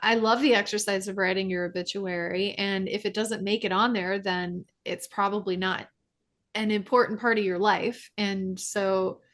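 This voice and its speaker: A woman's voice: mid-range voice, fairly even intonation, moderate pace, a bit bright. Affirming woman hosting a podcast. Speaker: podcast host. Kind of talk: casual interview chat.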